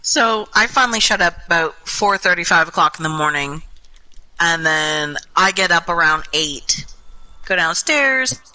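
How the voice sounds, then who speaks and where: A woman's voice: on the low side, lively intonation, a little slow, bright, forceful tone, poor audio. A young woman telling a rambling, self-mocking story in casual chat over voice chat while gaming. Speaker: gaming group member.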